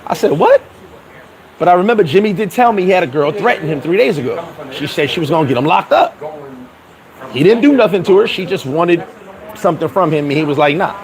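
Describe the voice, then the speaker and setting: A man's voice: high voice, animated, fairly quick, low-quality recording. A man giving blunt, profane, streetwise advice in a casual monologue, acting out the dialogue of the people he talks about. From New York. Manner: acts out dialogue in quoted voices. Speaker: vlogger.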